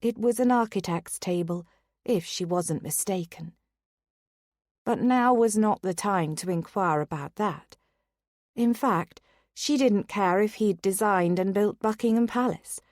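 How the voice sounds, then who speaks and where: Slow, steady woman audiobook narrator. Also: mid-range voice, dry recording, clean studio sound. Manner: steady, unhurried reading. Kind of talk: scripted romance narration.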